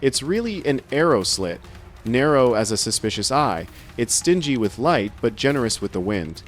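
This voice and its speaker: A man's voice: medium pitch, sing-song, normal speed. A man giving scripted first-person narration with a wry, sardonic humor.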